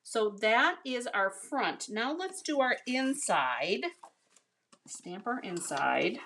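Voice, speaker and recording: A woman's voice: on the high side, big pitch swings, slow, fairly bright tone, a little hiss or hum. American woman crafter, leisurely and chatty, talks viewers through a stamping demo. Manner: chatty, talks to viewers as you guys and honey. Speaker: card-making instructor. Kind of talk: casual craft tutorial.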